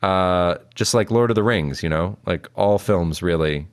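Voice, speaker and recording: Low-voiced giggly young man. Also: unhurried. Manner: rambling, giggly, lots of fillers. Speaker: podcast co-host. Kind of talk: casual film commentary chat.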